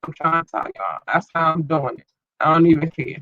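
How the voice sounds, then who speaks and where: A man's voice: fairly high pitch, animated, brisk, a bit bright, muffled recording. A man hosting his own podcast in loose, rambling slang, filled with ums, talking through an irritated, watering eye. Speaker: podcast host. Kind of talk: casual solo podcast chat.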